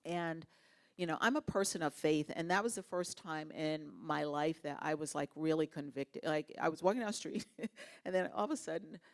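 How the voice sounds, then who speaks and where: A woman speaking as a guest in an interview at a university lunch talk, telling her story in an earnest, expressive way. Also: low voice, moderate pace.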